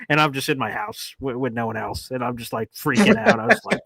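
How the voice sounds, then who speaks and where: A man's voice: mid-range voice, a little fast, gravelly, hardly any pauses, no echo. A male sports show host in casual chat, telling stories animatedly and acting out the quotes. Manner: animated storyteller who acts out quotes.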